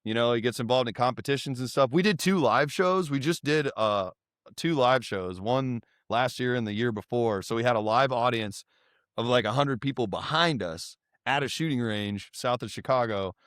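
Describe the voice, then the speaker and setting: A man in his thirties, a podcast guest, telling lively stories in casual chat and mimicking his friends' voices. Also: mid-range voice, normal speed, no echo, studio quality. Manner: animated, mimics voices when quoting friends. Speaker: guest, content creator. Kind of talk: casual storytelling.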